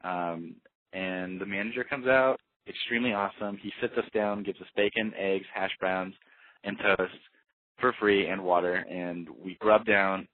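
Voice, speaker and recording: A man's voice: deep voice, fairly even intonation, measured pace, no room sound. A young man telling a road-trip story casually, rambling with lots of fillers and restarts. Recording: tinny phone-like dry sound.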